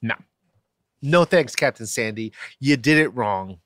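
A man's voice: mid-range voice, unhurried, no echo, studio quality. A man co-hosting a casual talk show, joking and ranting with lots of swearing. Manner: animated, profane, jokey rants. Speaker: podcast co-host. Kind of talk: casual chat.

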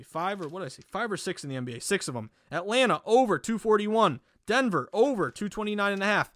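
A man with a Boston accent hosting a solo sports betting podcast, talking energetically with lots of fillers and quick self-corrections. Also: fairly high pitch, fairly bright tone, no echo, clean studio sound.

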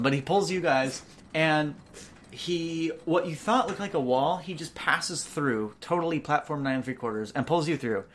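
A woman narrating as game master, describing scenes loosely with many filler words. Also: deep voice. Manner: casual, lots of "like" fillers.

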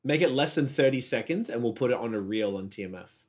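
A man co-hosting a podcast, teasing and quick to laugh in casual banter. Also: mid-range voice, lively intonation. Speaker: podcast co-host.

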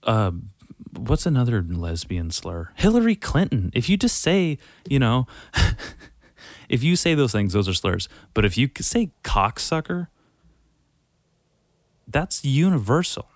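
A man hosting a podcast, ranting in a heated, profane and sarcastic way, swinging from loud outbursts to muttering. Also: medium pitch, big pitch swings, slow, long pauses, dry recording, clean studio sound. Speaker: podcast host. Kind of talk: casual profane rant.

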